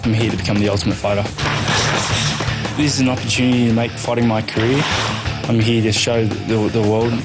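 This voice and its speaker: Australian fighter with restarts, music beneath. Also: male voice, lowish voice, little pitch movement. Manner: earnest, halting with restarts. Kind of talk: reality show confessional.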